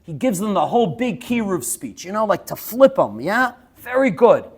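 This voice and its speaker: A male teacher lecturing students. He tells lively stories, laughs as he goes and keeps checking in with "yes?". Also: high voice, normal speed, slightly rough. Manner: laughs while telling stories.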